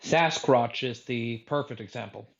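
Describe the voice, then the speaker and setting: A man's voice: medium pitch, moderate pace, creaky, dull audio. A man from Norway with a Norwegian accent, co-hosting a casual podcast with sarcastic, crude banter. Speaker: podcast co-host.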